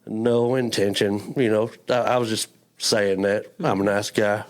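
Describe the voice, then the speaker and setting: A man with a drawl shares his faith story in an earnest, halting way, often stumbling over and repeating his words. His voice sits fairly low and he sounds close to tears. It is heartfelt testimony, told as an interview guest. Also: steady tone. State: emotional, near tears. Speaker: church member guest.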